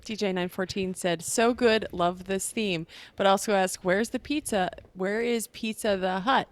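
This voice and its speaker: A woman's voice: medium pitch, fairly even intonation, measured pace, no room sound. A woman co-hosting a casual car-racing podcast, reading comments and laughing often. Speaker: podcast co-host.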